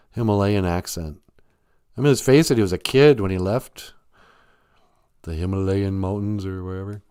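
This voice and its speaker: A man's voice: low voice, a little mellow, no echo, studio quality. A man hosting a live stream, chatting casually and rambling from joke to joke, laughing often.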